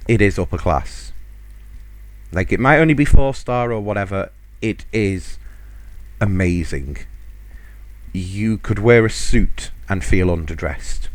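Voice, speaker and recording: A man hosting a podcast, chatting casually and laughing often as he tells a story. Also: fairly low pitch. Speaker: podcast host.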